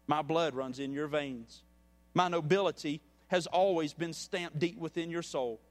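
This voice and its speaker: A man voicing a grieving, merciful old king, speaking low, soft and grave in a church. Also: steady tone, measured pace, big-room sound, lightly acted. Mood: tender.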